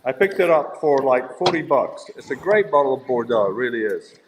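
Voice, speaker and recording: A man in casual chat, calmly presenting a bottle of wine. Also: mid-range voice, brisk, big-room sound, noisy background.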